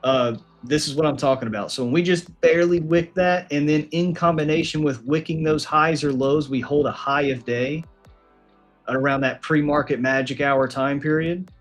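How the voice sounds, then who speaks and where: A man hosting a live day-trading stream, chatting casually in a relaxed, slangy way and reading out viewer comments. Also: a little high, moderate pace, faint music behind. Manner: relaxed, slangy, talks to his dog and chat readers. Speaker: day trading show host.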